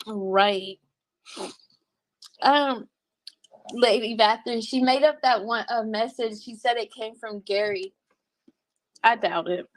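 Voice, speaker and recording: A woman livestreaming and reading her chat, talking bluntly with lots of cursing and quick laughs. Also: a little high, dry recording. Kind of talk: casual livestream commentary.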